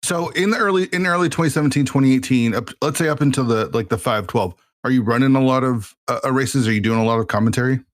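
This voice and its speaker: A man's voice: mid-range voice, fast talker, few pauses, dry recording, studio quality. A man hosting a podcast interview, asking questions and offering encouraging affirmations in casual chat. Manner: encouraging, frequent backchannel affirmations. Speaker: podcast host.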